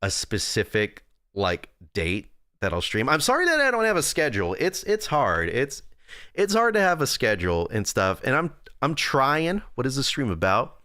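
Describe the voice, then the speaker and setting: A young man streams casually into a close desk microphone, rambling, losing his train of thought, reading and answering chat, and poking fun at himself. His mid-range voice swoops wildly in pitch at normal speed, sounding pushed and bright on a dry recording.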